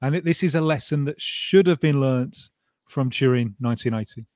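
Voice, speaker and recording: A male guest pundit in casual chat who talks haltingly, repeating words as he thinks. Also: medium pitch, darkish tone, no echo, studio quality.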